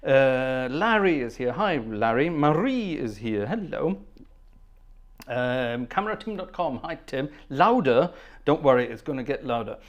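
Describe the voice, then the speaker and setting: A man's voice: mid-range voice, lively intonation, measured pace. A man hosting a livestream organ concert, greeting viewers one by one in casual chat and humming between names. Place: at the organ console.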